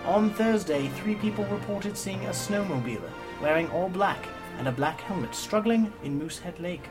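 A man's voice: high-pitched, lively intonation, moderate pace, music in the background. A man putting on a British accent to play a formal newsreader, delivering the news stiffly. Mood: mock-formal. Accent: put-on British.

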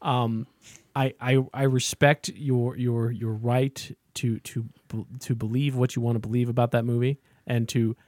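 A man's voice: medium pitch, flat delivery, unhurried, a little mellow, no echo. A man co-hosting a podcast in casual chat, stammering and repeating words as he talks. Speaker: podcast co-host.

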